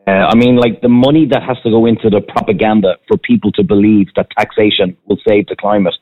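Irish male caller, lowish voice, quick and blunt, heard over a phone line. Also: fairly even intonation. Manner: blunt, cynical, chatty. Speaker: caller, restaurant owner. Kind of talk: phone-in chat.

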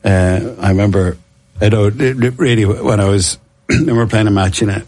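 A man's voice: on the low side, moderate pace, darkish tone. A middle-aged man, telling rambling, self-mocking stories as an interview guest and laughing often. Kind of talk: casual anecdotal interview.

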